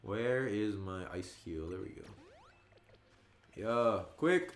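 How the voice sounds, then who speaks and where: A man in his twenties chatting casually on a gaming livestream, telling stories and jumping high and loud when he quotes his friends. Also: expressive, takes it slowly. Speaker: streamer. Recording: roomy echo.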